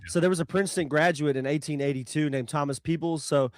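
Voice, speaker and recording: A man's voice: fairly high pitch, fairly even intonation, fast talker, no echo, clean studio sound. A man co-hosting a podcast who shares trivia in a loose, offhand way, full of fillers. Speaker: podcast co-host. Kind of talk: casual chat.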